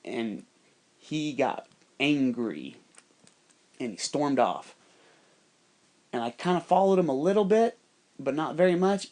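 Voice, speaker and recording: A man's voice: on the high side, lively intonation, slow pace, long pauses, darkish tone. A man telling a rambling, heavily profane story in a casual, conspiratorial monologue.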